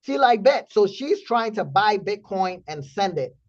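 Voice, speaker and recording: A man hosting a trading community stream, telling a story in blunt, animated casual talk with profanity. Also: sits high, measured pace, highs cut off.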